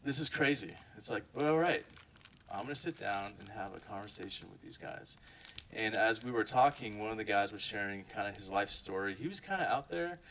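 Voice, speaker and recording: Young man from Ohio, lowish bright voice, rambling church testimony, recorded from a distance. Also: lively intonation, a little fast, a little hiss or hum. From Ohio, USA. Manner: rambling, many fillers and "like". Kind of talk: casual spoken testimony to a group.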